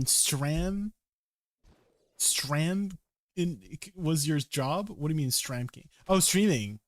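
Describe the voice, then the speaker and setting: Giggly young man streaming, slow talk. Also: on the high side, no room sound. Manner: giggly, chatting with viewers while gaming. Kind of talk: casual live-stream chat. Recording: faint background noise.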